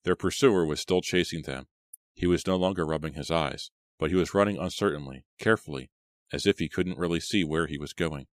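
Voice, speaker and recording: A man narrates a horror audiobook in a steady, measured way. His voice is extremely deep. The recording is dry and close, with no room sound. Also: dry recording. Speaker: audiobook reader.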